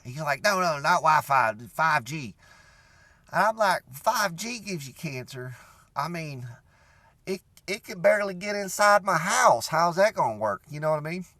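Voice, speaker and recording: A man's voice: on the high side, expressive, normal speed, bright, forceful tone, no room sound. A man playing a rambling, beer-drinking redneck, in a comedic character monologue full of "you know".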